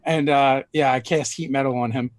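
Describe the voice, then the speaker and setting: A man playing a tabletop game, speaking slowly and deliberately. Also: mid-range voice, fairly even intonation, no echo, studio quality. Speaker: player. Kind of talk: casual tabletop play.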